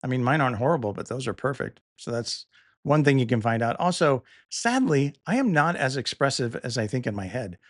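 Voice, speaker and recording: A middle-aged man talks through a tutorial in an easygoing voice, thinking aloud and correcting himself now and then. He sits close to the mic in a dry room. His voice has an ordinary middle pitch. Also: fairly quick, no echo. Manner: relaxed, thinking aloud with small restarts. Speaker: podcast host demonstrating tools. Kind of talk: casual tutorial narration.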